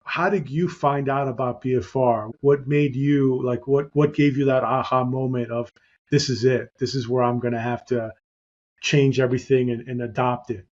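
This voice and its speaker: A man's voice: medium pitch, fairly even intonation, normal speed, darkish tone, lo-fi sound. A middle-aged man hosting a podcast, chatting casually and rambling with lots of "you know" fillers. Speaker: podcast host.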